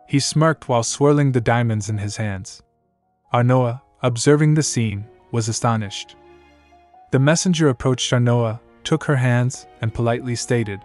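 A man narrating a story recap in a steady, matter-of-fact manner. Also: mid-range voice, normal speed. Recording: dry voice-over with background music.

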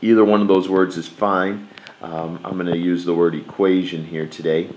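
A man with a fairly low voice teaching a math class. He talks in a folksy, easygoing way, stopping to stress and repeat the words that matter most. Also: flat delivery, moderate pace, darkish tone, slight background noise. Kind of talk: classroom lecture.

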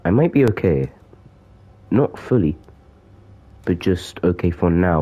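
A man's voice: low-pitched, expressive, measured pace, long pauses, warm tone, faint music behind. A man giving joking commentary as he plays a horror game, talking to the character chasing him. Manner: jokey, talks to the game's villain. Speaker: gaming YouTuber.

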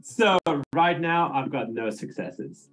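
Slow, halting man playing a game. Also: fairly high pitch, animated, fairly bright tone, soft background music. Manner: slow, halting, thinking aloud. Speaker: player. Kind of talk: casual game talk.

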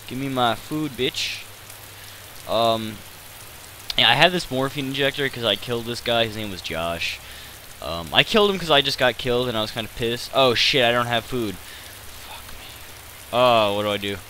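A man's voice: mid-range voice, moderate pace, sharp tone, a little hiss or hum, low-quality recording. A man giving rambling, self-deprecating commentary over his gameplay, hesitant and full of fillers. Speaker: gaming channel host.

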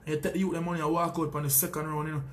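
A man's voice: fairly high pitch, flat delivery, racing. A Jamaican man, a sound system selector, delivering a heated, boastful and taunting callout full of profanity.

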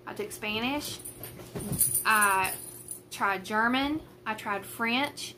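Bright-voiced, chatty Southern woman. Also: a little high, takes it slowly, pauses often, a little hiss or hum. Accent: rural Southern US. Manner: chatty and rambling, self-deprecating. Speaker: craft vlogger. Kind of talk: casual chat to camera. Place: at home, at a table. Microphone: camera on a tripod with a ring light.

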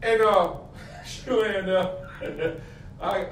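Pastor, middle-aged man, high voice, fervent preaching style, recorded at a distance in a church. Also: drawn-out words, fairly bright tone. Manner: fervent preaching with call-and-response questions. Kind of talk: sermon. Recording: echoey, from a distance, faint room noise.

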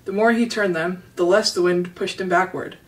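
A woman reads a children's chapter book aloud in a steady, gentle storytelling voice. She sits a little back from the microphone, so the sound has some distance. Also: lowish voice, moderate pace. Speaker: storybook reader. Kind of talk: reading a children's novel aloud.

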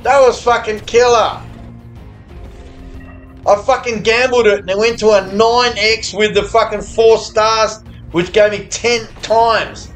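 A man's voice: sits high, fairly even intonation, unhurried, soft background music. A man who is a bit tipsy and slurring, chatting and swearing while he streams to viewers. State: tipsy, slurring a little after beers. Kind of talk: live gambling stream chat. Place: hotel or home room abroad.

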